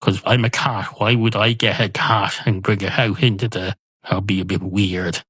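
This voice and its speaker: A man with an Irish accent voicing an impatient young cat at a bar, blunt, sweary and deadpan. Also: on the low side, normal speed, slightly rough, no room sound.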